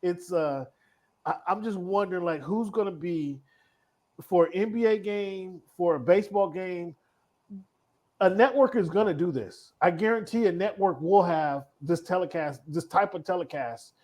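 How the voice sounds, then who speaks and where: A man co-hosting a casual sports talk show, his voice sitting a little high for a man. He tells stories with energy and laughs often as he goes. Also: moderate pace. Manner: animated storyteller, laughs often. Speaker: podcast co-host.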